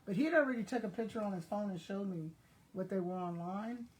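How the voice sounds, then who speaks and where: A woman's voice: medium pitch, fast talker, slight background noise, low-quality recording. An older woman telling stories to her online viewers in a chatty, laughing way, talking to them directly. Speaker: online seller and vlogger. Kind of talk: casual storytelling to viewers.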